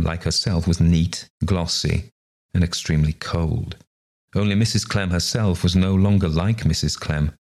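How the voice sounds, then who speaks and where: Deep low guy reading a ghost story, gravelly fry, measured pace. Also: a little mellow. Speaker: story reader. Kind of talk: storybook narration.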